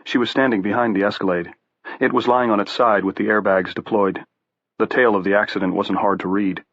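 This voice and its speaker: A man with a lowish voice narrates a horror audiobook at a measured storytelling pace. The sound is dry and close, with muffled highs and no room around it. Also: fairly even intonation, fairly bright tone, dry recording. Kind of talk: scripted narration.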